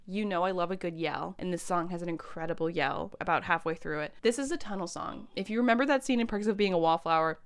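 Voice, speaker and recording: A woman's voice: lowish voice, clear, resonant tone. A woman casually reviewing albums on her vlog, chatty and enthusiastic, swearing and laughing often. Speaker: music vlogger.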